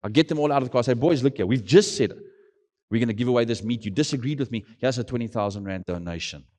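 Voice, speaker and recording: A South African man telling his testimony as an emotional preached story, swinging between loud and soft. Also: medium pitch, fast, in a large hall. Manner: dramatic storytelling with big swings in loudness, mixing in Afrikaans phrases. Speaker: missionary sharing his testimony.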